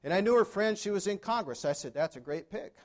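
A man's voice: sits high, lively intonation, fast talker. A man in his sixties giving a storytelling keynote to a live audience, conversational, with dry humor and questions to the crowd. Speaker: motivational speaker.

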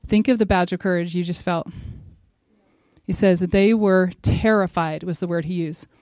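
A middle-aged woman giving a devotional talk at a church gathering, earnest and emphatic, building to forceful exhortation. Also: on the low side, steady tone, normal speed, no room sound.

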